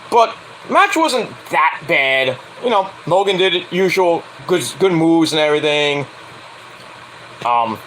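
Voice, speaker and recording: A man's voice: fairly high pitch, a bit bright, a little hiss or hum, poor audio. A man casually recapping a wrestling event in a blunt, profane way, now and then acting out quotes in mocking voices. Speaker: wrestling show reviewer.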